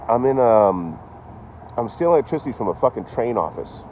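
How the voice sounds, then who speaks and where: A middle-aged man chats on a livestream in a loose, rambling way, swearing freely and laughing at his own jokes. His voice sits at an ordinary middle pitch. Clear traffic and street noise run behind him outdoors. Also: very animated, a little fast, a little mellow. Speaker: traveling livestreamer. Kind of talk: casual livestream chat. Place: outdoors by a rail yard office.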